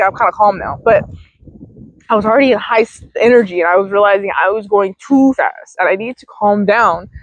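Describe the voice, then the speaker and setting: Recorded on a handheld phone with poor audio and no echo, a young woman with a slightly high voice vlogs outside in a field. Her self-help talk on mindfulness rambles casually, with the odd swear word.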